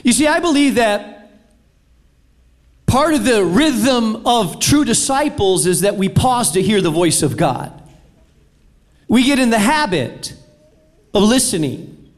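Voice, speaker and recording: A middle-aged man preaching a sermon as pastor to a large auditorium, swinging from loud declarations to near-whispers. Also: high voice, sing-song, slow, long pauses. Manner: preaching with dramatic swings between loud and soft.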